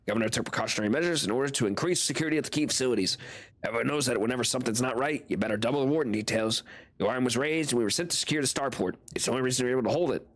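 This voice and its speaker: A man's voice: mid-range voice, rapid-fire, natural voice. A weary soldier sergeant, read by a man, delivers clipped military reports. He sounds battered but dutiful, speaking as if to a lord in a game. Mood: grim.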